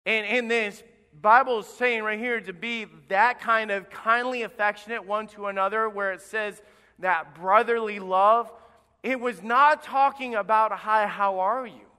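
Bright, animated preaching man. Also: high-pitched, unhurried, clean tone. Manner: animated, acts out quoted voices. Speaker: pastor. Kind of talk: sermon. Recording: live in a reverberant church.

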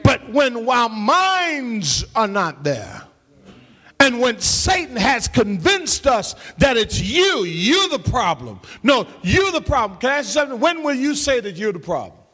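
A man preaching a sermon as pastor, calling out to the congregation and rising into shouts and half-sung lines. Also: extremely high pitch, big pitch swings, unhurried, long reverb tail. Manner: call-and-response preaching, shouting and half-singing. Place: church sanctuary.

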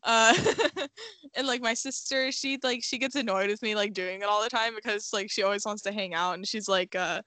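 Bright-voiced young woman chattering with "like". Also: mid-range voice, moderate pace, no room sound. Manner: chatty, peppered with "like" and casual swearing. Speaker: podcast guest, film editor. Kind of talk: casual interview chat.

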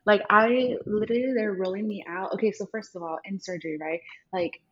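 A woman guest on a podcast, telling her story in a lively way and acting out what she and others said, with "like" at every turn. Her voice sits at a middling pitch. The recording sounds a little dull and lo-fi. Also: fairly quick, husky. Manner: animated, acts out her own and others' lines in quotes, many fillers of "like". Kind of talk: casual storytelling chat.

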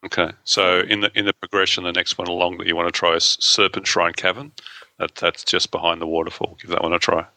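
A man with an Australian accent and a very low voice, cutting through with a bright, forceful edge as he calmly explains where to go next in the game. The recording is dry and close. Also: fast talker, dry recording. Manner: relaxed, gives helpful game advice. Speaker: podcast co-host. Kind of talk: casual gaming chat.

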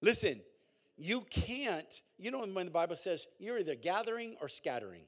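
A man preaching a sermon as pastor, in a conversational, animated way with call-and-response and repeated phrases. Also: sits high, normal speed.

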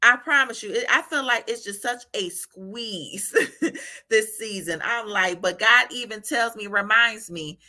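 A woman giving an informal devotional talk, animated, often laughing and asking "right?" as she encourages listeners. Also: fairly high pitch, measured pace. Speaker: faith encourager.

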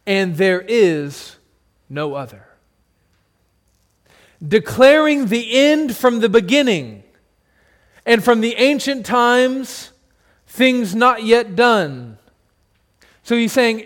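A male pastor preaching a sermon to his congregation, building to emphatic declarations and then dropping low, sometimes calling on listeners by name. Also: very animated, slow, long pauses. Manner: addresses congregation members by name.

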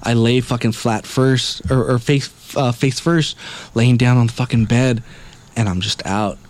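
A man tells a rambling travel story in a relaxed podcast chat. He curses in nearly every sentence and acts out the lines people said. His voice sits at an ordinary middle pitch for a man. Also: measured pace. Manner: rambling, heavy swearing, acts out quotes.

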